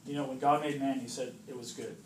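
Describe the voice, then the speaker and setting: This preacher keeps his small-group sermon loose and jokey, doing voices and tossing in "right?" again and again. His medium-pitched voice has fairly even intonation and moves at a quick pace, recorded from a distance in a roomy space with background noise.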